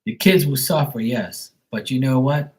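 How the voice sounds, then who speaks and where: A man, rambling bluntly and profanely in a casual live-stream talk. He restarts his sentences often and acts out quick quotes from kids and fathers. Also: mid-range voice, darkish tone, rough recording. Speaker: tarot reader on a livestream.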